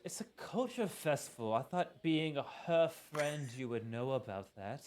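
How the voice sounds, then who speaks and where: A man's voice: a little high, very animated, unhurried, darkish tone, slight background noise. A vain, catty teenage influencer girl, as a man puts her on for a tabletop game. She gushes and gossips in slang, with bored, dismissive sighs, on a slightly raised voice. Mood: snide. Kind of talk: tabletop role-play character voice.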